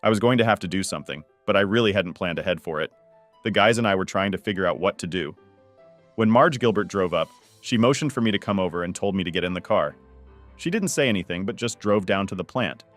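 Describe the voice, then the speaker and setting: A man tells a first-person family drama in a steady, matter-of-fact manner, his voice sitting on the low side. Faint music plays quietly behind the narration. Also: quick pace.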